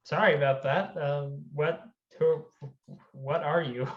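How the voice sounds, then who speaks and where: A player in a tabletop game, answering in a wry, deadpan way. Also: medium pitch, slow pace, roomy sound, dull audio. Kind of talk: casual role-play.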